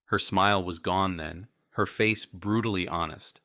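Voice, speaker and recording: A man reading a first-person audiobook in a steady, wry way. His voice is deep and forceful. The recording is dry and close, with no room sound. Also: a little slow, dry recording. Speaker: audiobook narrator.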